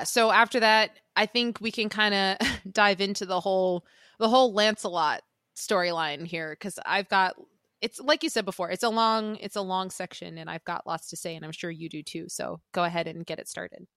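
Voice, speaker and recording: A woman's voice: medium pitch, steady tone, normal speed, pushed and bright, no room sound, studio quality. A woman co-hosting a podcast, chatting casually about a film and acting out its lines in playful voices. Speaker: podcast co-host.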